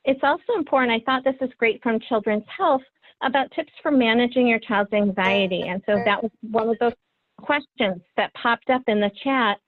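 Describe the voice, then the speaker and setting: A woman's voice: on the high side, normal speed. A woman in her thirties, a trainer presenting a webinar for parents, speaking in an earnest, encouraging way with frequent ums. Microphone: video call. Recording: phone-like webinar audio, dry.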